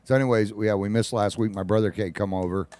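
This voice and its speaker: Folksy male talk-radio host with a lowish voice, casual and jokey. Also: fairly even intonation, fast, darkish tone. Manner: folksy, laughs at his own jokes.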